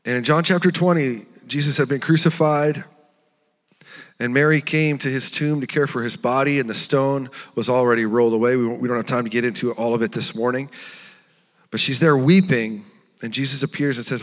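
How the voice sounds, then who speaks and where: A man preaching a sermon as pastor, earnest and tender, sometimes dropping to a hushed voice. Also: mid-range voice, steady tone, fairly quick, in a large hall. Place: church sanctuary.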